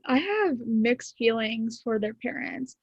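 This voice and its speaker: A woman's voice: on the high side, animated, takes it slowly, breathy edge, no echo. Chatty teen girl on a video call. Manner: chatty, many fillers. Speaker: student in book discussion. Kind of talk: casual video call discussion. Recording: dull lo-fi video call audio.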